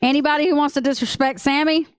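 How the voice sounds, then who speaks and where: A woman with a Texan accent co-hosting a casual podcast chat, excitable and gushing, laughing often. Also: high voice, fast, dry recording, studio quality. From Texas. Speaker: podcast co-host.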